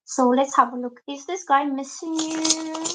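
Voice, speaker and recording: A woman with a fairly high voice reads tarot on a live stream in a chatty way. She explains each card to her viewers and reads their comments aloud. Now and then she acts out the reactions a person might have. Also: unhurried, background noise. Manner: lively, acts out quoted reactions. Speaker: tarot reader.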